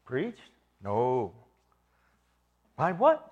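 A man's voice: medium pitch, huge pitch swings, extremely slow, darkish tone, dull audio. A man preaching an expository sermon, emphatic, repeating phrases for stress and putting questions to his listeners.

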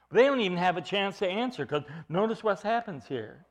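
A man's voice: high voice, animated, a little fast, few pauses, dull audio. A man preaching an expository sermon as pastor, earnest and emphatic, often repeating and restarting his phrases.

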